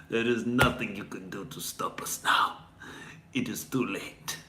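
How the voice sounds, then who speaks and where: A man's voice: medium pitch, fairly bright tone, reverberant. A comedian voicing a scheming, centuries-old male Russian vampire in a put-on Russian accent, gloating and menacing.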